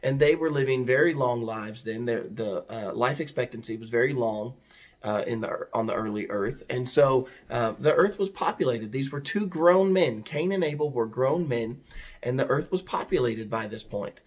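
A man's voice: medium pitch, moderate pace. A man giving a conversational Bible teaching, earnest and explaining, asking his listeners rhetorical questions.

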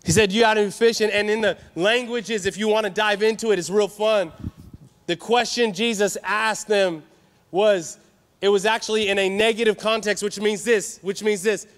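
High-voiced energetic preacher man. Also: normal speed. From California. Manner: energetic, call-and-response with the crowd. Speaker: youth conference preacher. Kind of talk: sermon. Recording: reverberant hall.

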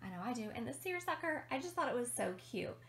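A woman's voice: a little high, big pitch swings, fast talker, a bit bright. A young woman vlogger chatting casually and upbeat as she shows items to camera, with frequent ums. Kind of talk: casual show-and-tell vlog.

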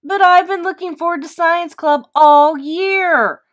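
A whiny, upset ten-year-old boy from a read-aloud storybook, voiced by a woman. The voice sits up high and gets loud and pleading, like a child protesting to his mother. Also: lively intonation, normal speed.

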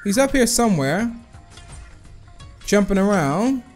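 A young man giving live commentary on a shooter game, excitable and chatty with viewers, bursting into whoas and cheers. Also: sits high, a little slow, soft background music. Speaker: gaming YouTuber.

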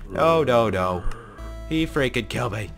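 Excitable young guy giving game commentary. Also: medium pitch, measured pace, faint music behind. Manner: excitable, jumps into panicked shouting. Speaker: gaming channel host. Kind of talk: gameplay commentary.

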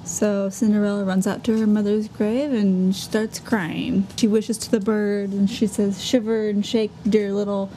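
A woman co-hosting a podcast, retelling an old tale in a relaxed, conversational way and chiming in. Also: mid-range voice, measured pace, hardly any pauses, slight background noise, rough recording. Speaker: podcast co-host. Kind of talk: casual storytelling chat.

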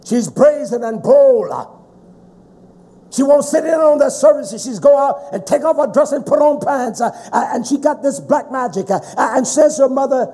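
A man preaching a sermon, shouting in a sing-song cadence with frequent "uh" fillers. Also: high voice, animated, normal speed, a little hiss or hum.

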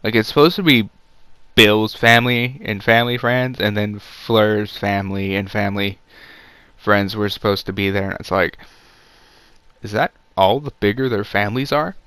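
Smooth-voiced sarcastic man reviewing a movie. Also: lowish voice, steady tone, normal speed, sharp tone, dry recording. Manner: sarcastic, rambling, many fillers. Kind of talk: casual off-the-cuff review.

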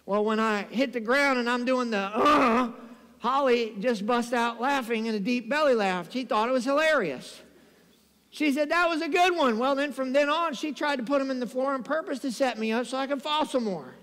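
A man preaching a sermon as pastor, telling lively stories and calling on the congregation to say amen. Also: very high voice, a little fast, few pauses, in a large hall. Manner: animated storytelling preacher, calls for amens. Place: church sanctuary.

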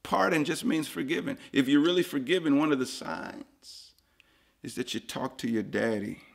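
A man preaching a sermon as pastor, swinging from hushed lines to loud emphatic ones and repeating phrases for emphasis. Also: medium pitch, normal speed, creaky.

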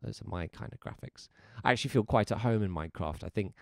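Male music teacher, livestream lesson: gravelly tone, very animated pitch, dry close sound, playful and encouraging. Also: fast, dry recording. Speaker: music teacher streaming live.

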